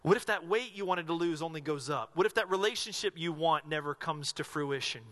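Guy preaching a sermon, pretty high voice, keeps firing earnest questions at the congregation. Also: fairly quick, a bit bright. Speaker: pastor.

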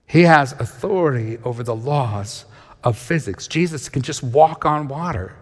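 A man preaching a sermon, reading scripture and retelling it in lively storytelling, acting out the characters' voices. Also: medium pitch, moderate pace, long reverb tail. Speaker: pastor.

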